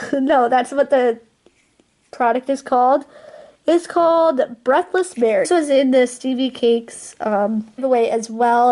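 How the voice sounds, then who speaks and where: A woman beauty vlogger chatting casually at her makeup vanity at home, bubbly and quick to laugh. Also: on the high side, dark tone, a little hiss or hum. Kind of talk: casual product show-and-tell.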